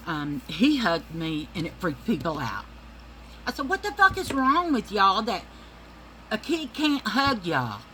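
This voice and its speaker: Woman vlogger, heated profane rant, bright edgy voice, faint room hiss. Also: medium pitch, low-quality recording. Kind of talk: casual rant to camera.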